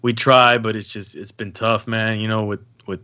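A man's voice: lowish voice, level tone, moderate pace, pushed and bright, muffled recording. A young adult man hosting a podcast, telling stories in casual chat with lots of restarts and slang. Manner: rambling storytelling with many restarts and slang. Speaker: podcast host.

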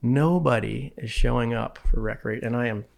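A man who works as a fishing guide, telling a story to a podcast host in casual, animated talk and often repeating words when excited. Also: mid-range voice, moderate pace, vocal fry.

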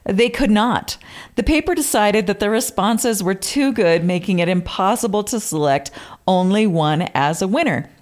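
A woman's voice: medium pitch, animated, moderate pace, a little mellow. A woman co-hosting a podcast, reading old quotes aloud with theatrical flourish and amused asides in casual chat. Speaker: podcast co-host.

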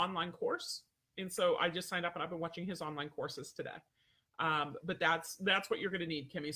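Guy dog trainer rambling on a livestream, high voice, lots of ums and restarts. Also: pushed and bright. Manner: rambling, self-interrupting, many fillers. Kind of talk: casual livestream chat with viewers.

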